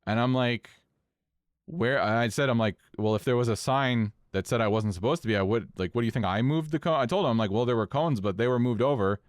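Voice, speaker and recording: A man co-hosting a podcast, telling a story in casual chat, animated and swearing freely. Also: fairly quick, dry recording, studio quality. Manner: animated, swings pitch up when incredulous, swears casually. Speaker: podcast co-host.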